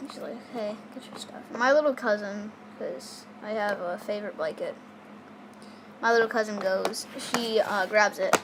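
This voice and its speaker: A woman's voice: medium pitch, moderate pace, noisy background. A girl casually telling a personal story in a rambling way, with many fillers and restarts.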